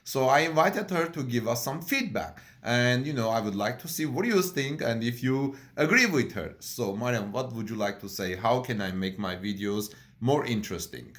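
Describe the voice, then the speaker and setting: A middle-aged man hosting a car news vlog, talking casually to camera and gently drawing out a guest with questions. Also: medium pitch, animated, normal speed, hardly any pauses. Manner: gentle, encouraging, asks his daughter questions. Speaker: host of a car news channel.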